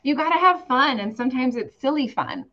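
A woman's voice: sits high, big pitch swings, a little fast. A woman in her forties hosting a casual interview and encouraging her guest. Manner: encouraging, warm affirmations. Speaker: host. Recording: slightly dull, lo-fi audio.

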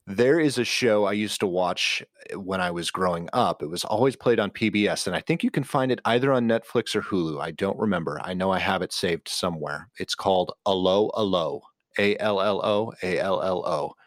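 Deep-voiced man rambling in casual chat. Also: fairly quick, hardly any pauses, no echo, clean studio sound. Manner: rambling, self-correcting, enthusiastic recommender. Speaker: podcast co-host.

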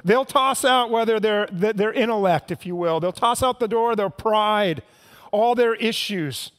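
A pastor preaches in a high, light voice, talking earnestly to his congregation. He drops to hushed tones in the tender parts and rises to impassioned pleading at the peaks. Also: measured pace. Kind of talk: sermon.

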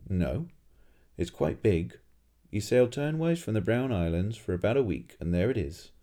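An eager, polite tourist with a formal way of speaking, voiced by a man, pitched a bit above a deep voice. The tone stays mellow and slightly gravelly. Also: animated, normal speed. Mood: earnest. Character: naive polite male tourist.

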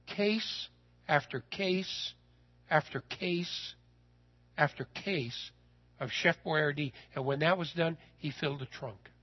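A man telling a personal story in a sermon, folksy and animated, his voice rising when he gets excited. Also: fairly high pitch, lo-fi sound.

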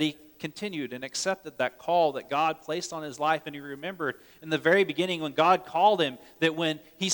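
A man preaching a sermon earnestly, swinging between loud urgent lines and hushed soft ones, often repeating words as he restarts. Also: fairly high pitch, a little fast, hardly any pauses, in a large hall. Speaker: pastor.

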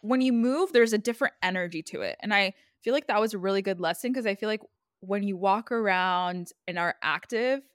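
A woman's voice: medium pitch, fairly quick, smooth, no echo, studio quality. A young woman co-hosting a podcast in casual, reflective chat, full of fillers. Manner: chatty, reflective, many fillers like "like". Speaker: podcast co-host.

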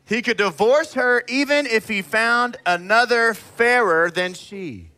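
A man preaching a sermon to his congregation, animated and emphatic, calling people out directly and acting out people in quick asides. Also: very high voice. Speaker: pastor.

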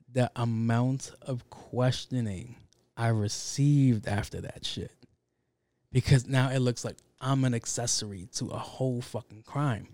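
A podcast host telling a story in a casual, rambling, profane and joking way, speaking into a studio mic. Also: male voice, mid-range voice, dark tone, no echo. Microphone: handheld studio mic.

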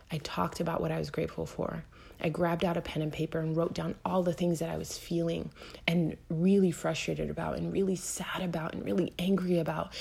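An earnest woman in her thirties talks her listeners through hard seasons of life, direct and encouraging. Her fairly low voice is gravelly and husky, with lots of fry. She often sinks into a near whisper to make a point. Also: a little mellow. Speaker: motivational podcast host. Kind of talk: encouraging self-help talk.

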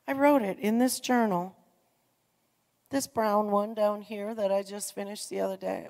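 A middle-aged woman delivers a personal testimony sermon in a relaxed, conversational way, pushing some phrases out loudly and dropping others almost to a hush. Her voice has a gravelly, creaky edge. The sound carries a long reverb, as from a large church hall. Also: medium pitch, measured pace. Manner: earnest, conversational, swings from loud emphasis to soft near-whispers. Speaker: church speaker.

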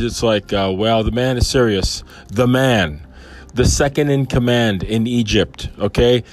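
A man's voice: mid-range voice, unhurried. A man casually reading a Bible chapter aloud and commenting on it, enthusiastic and rambling with many fillers.

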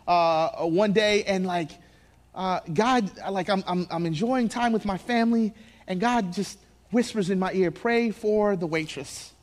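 A young male pastor delivers a sermon in church. His voice sits high and he moves between hushed, intimate asides and loud, excited outbursts, laughing at his own stories along the way. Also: a little slow.

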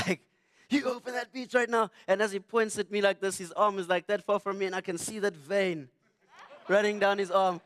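A young man, preaching through a funny personal story. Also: high voice. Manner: animated, humorous, self-mocking.

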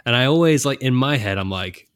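A man co-hosting a casual podcast chat, animated and quick to laugh. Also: medium pitch, smooth. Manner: animated, laughs often, acts out characters' lines. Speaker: podcast co-host.

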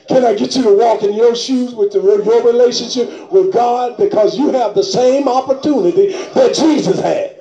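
High-voiced shouting preacher, slow and roomy. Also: male voice, creaky, highs cut off, faint music behind. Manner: shouting, drawn-out emphatic phrases, speaking in tongues. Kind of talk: charismatic sermon.

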